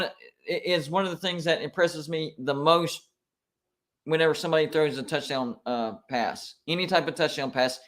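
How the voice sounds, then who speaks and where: A man streaming live reactions to college football games, excitable and quick to complain like an emotional fan. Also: fairly high pitch.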